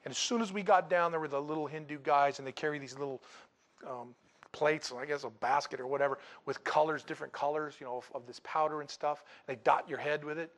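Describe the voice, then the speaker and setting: A man preaching a sermon, telling a personal story dramatically and swinging from loud bursts to hushed lines. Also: a little high, steady tone, fast.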